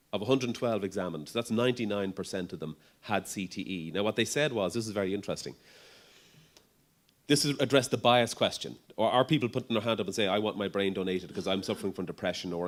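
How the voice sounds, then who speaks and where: Middle-aged man, low voice, chatty conference speaker with ums and asides. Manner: conversational, lots of ums and restarts, light humor. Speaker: neurologist giving a conference talk. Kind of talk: conference presentation.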